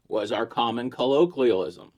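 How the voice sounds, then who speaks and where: A middle-aged man from Pittsburgh riffs through a comic monologue. He speaks without a regional accent. His delivery is crude and rambling, and he is quick to poke fun at himself. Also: mid-range voice, darkish tone, dull audio. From Pittsburgh, USA. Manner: crude, rambling, self-mocking. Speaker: comedian vlogger. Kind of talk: comedic monologue.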